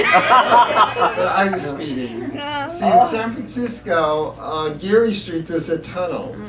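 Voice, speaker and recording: Storytelling man in an echoey hall. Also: a little high. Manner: chatty storyteller, laughs at his own jokes. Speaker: guest speaker. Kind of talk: inspirational talk with stories. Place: church hall with audience. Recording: echoey hall, distant mic, faint hiss.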